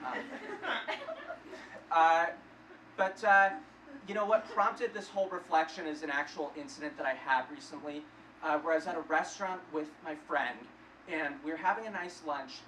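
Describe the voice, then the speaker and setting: A young stand-up comic performs at a comedy club for a live audience, his slightly high voice sounding pushed and bright at a normal speed. He tells awkward, self-deprecating stories, captured in a distant, roomy live recording with heavy crowd noise.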